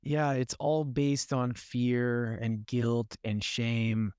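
A man's voice: mid-range voice, little pitch movement, drawn-out words, darkish tone, clean tone, dry recording, studio quality. A man hosting a podcast interview, giving brief affirmations and asking reflective questions. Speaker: podcast host. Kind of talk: casual interview.

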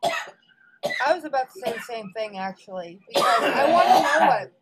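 A woman's voice: on the high side, very animated, normal speed, very noisy. A woman from New Hampshire co-hosting a podcast, blunt and swearing casually. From New Hampshire, USA. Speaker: podcast co-host.

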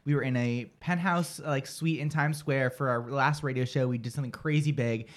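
A man from outside Boston hosting a radio-style show, telling stories in a rambling, animated way. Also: mid-range voice, moderate pace. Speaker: radio host. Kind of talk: casual chat.

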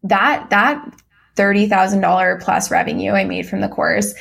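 A woman's voice: medium pitch, fairly even intonation, normal speed, gravelly, a bit bright. A young adult woman, a podcast guest, talking earnestly in casual conversation with many ums and restarts. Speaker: podcast guest, course creator.

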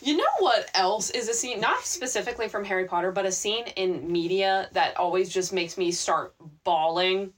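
Animated, swearing woman storyteller. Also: medium pitch, moderate pace, few pauses. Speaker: podcast co-host. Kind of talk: casual chat.

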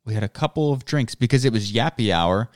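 A man's voice: medium pitch, lively intonation, fairly quick, no room sound, clean studio sound. A young adult man co-hosting a podcast in casual, rambling chat, often cutting himself off mid-sentence. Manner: rambling, self-interrupting. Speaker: podcast co-host.

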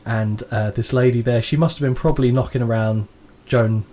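A man with an English accent, co-hosting a podcast and chatting casually, telling stories with lively asides and quick voices for the people in them. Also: medium pitch. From England. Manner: animated storyteller, does voices in quotes. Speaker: podcast co-host. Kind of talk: casual chat.

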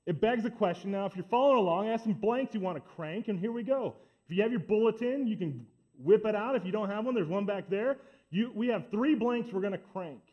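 A man's voice: high-pitched, lively intonation, brisk, few pauses, highs cut off. A man preaching a sermon as pastor, talking emphatically and building up his points by repeating himself. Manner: emphatic, repetitive build-ups.

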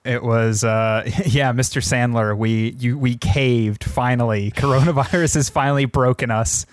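A young man co-hosting a podcast in a casual chat. He jokes around and tells stories in an even, mid-range voice. The sound is dry and close to the mic. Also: medium pitch, moderate pace, no room sound. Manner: joking storyteller, acts out quotes. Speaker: podcast co-host.

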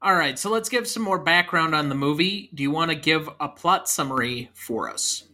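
A man's voice: fairly high pitch, expressive, moderate pace, pushed and bright. A man in his thirties co-hosting a casual movie podcast, chatty and leading the talk with trivia. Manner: chatty, leads the discussion with trivia. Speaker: podcast co-host.

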